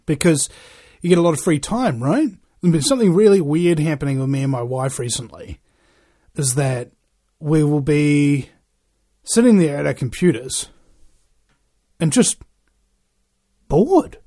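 Man, rambling monologue, heavy swearing, ranting, rhetorical questions, very animated pitch. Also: unhurried, long pauses.

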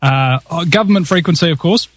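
A man's voice: on the high side, fairly quick, dry recording. A man with a New Zealand accent hosting an interview show, jokey and rambling. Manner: jokey, rambling, many uh fillers. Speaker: host.

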